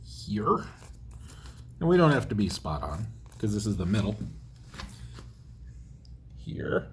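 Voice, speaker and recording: A man's voice: lowish voice, very animated, slow pace, slight background noise. A man chatting casually and bluntly while he builds, drifting into stories and joking about himself. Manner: rambling and outspoken, jokes about himself. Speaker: DIY builder host.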